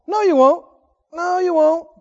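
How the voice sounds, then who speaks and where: A man's voice: very high voice, sing-song, measured pace, dark tone, highs cut off, heavily acted. A man voicing the serpent as a dismissive, contradicting liar, in a sermon. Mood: scornful. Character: sneering lying serpent, contemptuous tempter.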